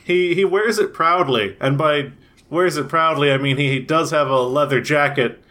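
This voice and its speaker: A man co-hosting a podcast with a bright, sharp voice. He delivers absurd jokes in a dry, deadpan way. The talk stays loose and casual. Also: a little high, moderate pace. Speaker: podcast co-host. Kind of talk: casual comedic banter.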